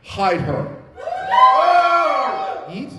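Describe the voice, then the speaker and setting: A man running a tabletop game live at a convention panel, narrating in a playful, animated way. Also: very slow, a loud crowd. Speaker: game master. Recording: echoey room, background noise.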